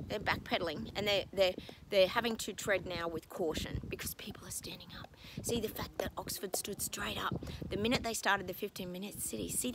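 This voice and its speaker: A woman's voice: mid-range voice, gravelly, noisy background. A woman psychic talking in a casual vlog from home, rambling and exasperated, breaking off with apologetic asides. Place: at home with her dogs.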